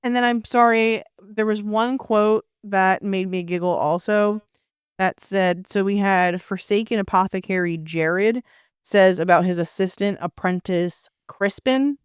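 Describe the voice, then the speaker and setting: Woman, casual chat, playful, exasperated, smooth clear voice, dry close recording. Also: medium pitch, a little slow, dry recording. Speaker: co-host, player's wife.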